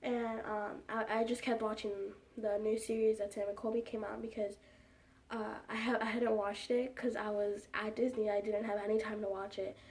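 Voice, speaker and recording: A woman's voice: medium pitch, flat delivery, moderate pace, a little mellow, recorded from a distance. A young woman vlogger telling a casual storytime, rambling along with lots of "like" and fillers. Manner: rambling, heavy use of "like" and fillers.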